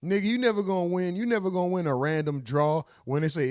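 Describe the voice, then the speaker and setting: Fast-ranting man with a dry, close voice. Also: sits high, clean tone, no echo. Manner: profane, animated, slangy ranting. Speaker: livestream commentator. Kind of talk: casual live commentary.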